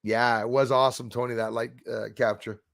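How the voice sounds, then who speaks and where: A man's voice: medium pitch, little pitch movement, fairly quick, creaky, no room sound, clean studio sound. A man hosting a casual livestream, rambling bluntly and greeting viewers by name. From Canada. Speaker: livestream host reading chat. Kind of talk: casual live-stream chat.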